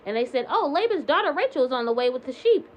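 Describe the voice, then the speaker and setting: A woman with a fairly high voice retells Bible stories in a relaxed, conversational way, full of "like" and "um". The recording is a little dull and lo-fi, with a faint hiss of ambience behind her. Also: quick pace. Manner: chatty paraphrase with frequent "like" and "um". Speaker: Bible reading vlogger. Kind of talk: casual retelling of scripture.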